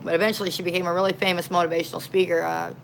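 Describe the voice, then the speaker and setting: A woman street minister in casual, slangy storytelling, folksy and animated. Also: lowish voice, racing, creaky, a little hiss or hum, poor audio.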